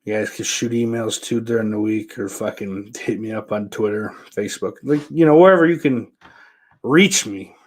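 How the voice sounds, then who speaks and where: A man's voice: lowish voice, moderate pace. Profane rambling male podcast host. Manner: profane, loose and rambling, with sudden loud bursts. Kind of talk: rambling solo podcast chat.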